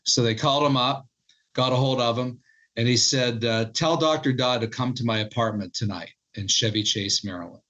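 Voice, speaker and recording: A middle-aged man, an author being interviewed, telling a story in animated fashion and acting out quoted lines. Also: mid-range voice, normal speed, muffled recording. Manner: animated storyteller, quotes others in their voices. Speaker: author and historian guest.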